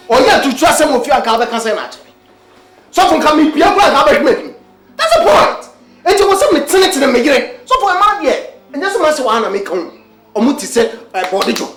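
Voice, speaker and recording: A heated, indignant complainer. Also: female voice, sits high. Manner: heated, argumentative, mixing Twi and English. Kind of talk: Ghanaian film drama dialogue. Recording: echoey room with faint music.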